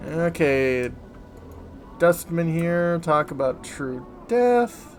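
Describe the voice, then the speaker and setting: A man hosting a let's play, reading game text aloud with relaxed, offhand asides. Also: fairly high pitch, drawn-out words, faint music behind.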